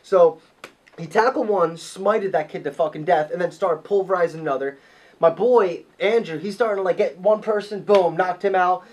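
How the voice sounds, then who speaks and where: A high-pitched male voice, well above the usual range for a man, carries this casual podcast storytelling. He is profane and excitable, piling on detail as the story builds. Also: normal speed. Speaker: podcast host.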